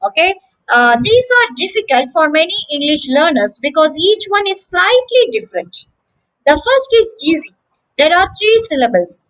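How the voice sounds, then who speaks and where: A woman teaching English pronunciation, saying each word slowly and several times with clear syllable stress. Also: high voice, sing-song, a bit bright, low-quality recording. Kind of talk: slow, careful pronunciation lesson.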